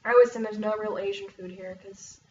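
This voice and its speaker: A woman's voice: medium pitch, steady tone, fairly quick, a little mellow, far from the mic, highs cut off, a little hiss or hum. A young American woman from Oregon chatting casually to camera, rambling with lots of fillers and bubbly bursts. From Oregon, USA. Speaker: vlogger.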